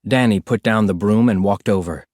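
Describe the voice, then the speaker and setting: A man narrating a storybook in an expressive, animated reading. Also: fairly low pitch, moderate pace, no room sound, studio quality. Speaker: audiobook narrator.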